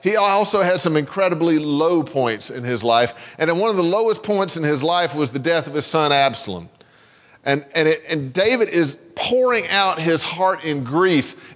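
High-voiced man preaching in a hall. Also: a bit bright. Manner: conversational preaching with frequent repeated words and restarts. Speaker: pastor. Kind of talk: sermon.

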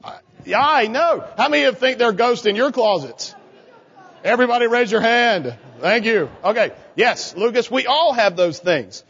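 Leading a children's sermon in a church sanctuary, a man coaxes the kids along with questions. His very high-pitched voice is animated and creaky, a bit bright with a breathy edge, at a normal speed. Church hall reverb fills the dull, lo-fi recording.

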